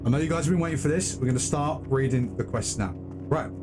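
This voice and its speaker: A man's voice: on the high side, quick pace, a little mellow, soft background music. A man streaming a fantasy game, chatting casually with viewers and reading quest text aloud. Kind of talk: live gameplay commentary.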